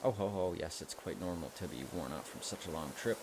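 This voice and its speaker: A man's voice: sits low, fairly quick, heavy background noise. A man voicing a polite male raccoon shopkeeper in a put-on Southern accent, reading game dialogue aloud in a formal, courteous way.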